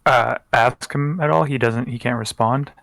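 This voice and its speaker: A man's voice: mid-range voice, normal speed, gravelly, fairly bright tone, no room sound, studio quality. A man playing in a tabletop game, hesitant and a little puzzled. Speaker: player. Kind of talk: casual game chat.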